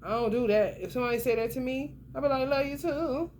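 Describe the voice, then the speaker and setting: A woman with a slightly high voice gives a casual tarot reading, talking straight to whoever is watching. She is blunt and cusses freely, leaning hard on her words for emphasis. Faint background noise sits under her voice. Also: fast, darkish tone. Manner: blunt, profane and emphatic, talks straight to the viewer. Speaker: tarot reader.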